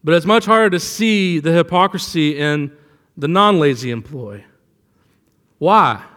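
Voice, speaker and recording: A man with a high voice preaches in a relaxed, storytelling way, leaning hard on key words. His voice rings out with a long hall reverb. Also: measured pace. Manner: conversational preaching with anecdotes, rising for emphasis. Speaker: pastor. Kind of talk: sermon.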